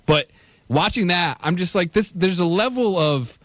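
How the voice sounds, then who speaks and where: A man co-hosting a sports talk radio show, talking in an animated, exasperated way. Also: high-pitched, normal speed, no echo. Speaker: radio co-host.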